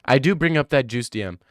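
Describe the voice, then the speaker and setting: A man's voice: mid-range voice, no echo, studio quality. A man in his twenties streaming, reading chat aloud and bantering and joking back at it in casual talk.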